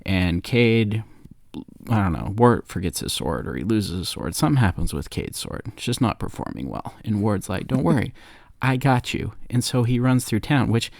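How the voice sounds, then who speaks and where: Young man telling jokey, animated story. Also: lowish voice, normal speed, gravelly, dry recording, studio quality. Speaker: podcast co-host. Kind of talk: comic movie retelling.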